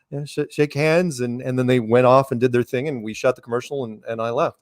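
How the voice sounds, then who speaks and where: A man's voice: mid-range voice, steady tone, a little fast, no room sound, clean studio sound. A middle-aged man telling stories as an interview guest, rambling and often restarting his words. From United States. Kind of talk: casual storytelling in an interview.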